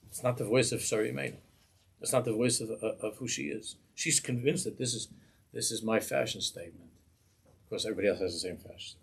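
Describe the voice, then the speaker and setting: A man's voice: mid-range voice, creaky, slightly rough. A man, a rabbi giving an impassioned Torah class in a synagogue, pleading with rhetorical questions.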